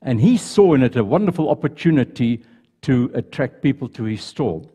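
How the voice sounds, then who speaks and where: A man's voice: mid-range voice, lively intonation, normal speed, mellow, husky, highs cut off. A male pastor giving a sermon and leading prayer in a church, earnest, with small restarts. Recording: reverberant church hall.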